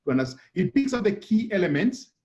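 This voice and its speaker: A man's voice: high-pitched, very animated, fast talker, a little mellow, highs cut off. A man on a church TV panel, explaining things point by point and repeating words as he thinks. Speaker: panel guest.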